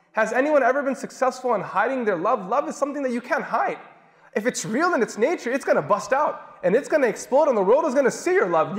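A man's voice: high voice, in a large hall. A man telling a story in an impassioned sermon, repeating phrases for emphasis. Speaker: preacher.

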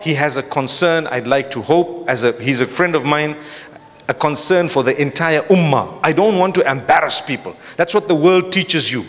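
A man's voice: mid-range voice, fairly quick, fairly bright tone. Emphatic male preacher in a hall. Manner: emphatic, with rhetorical questions and repetition. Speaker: Islamic preacher. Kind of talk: lecture to a live audience. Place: large hall before an audience.

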